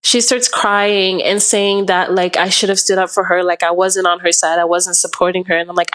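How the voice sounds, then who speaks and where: A woman's voice: fairly low pitch, steady tone, moderate pace, hardly any pauses, fairly bright tone. A young woman from Canada, a podcast guest, telling a long story in a rambling, casual way, full of "like" and acted-out quotes. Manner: rambling, heavy use of "like", acts out quotes.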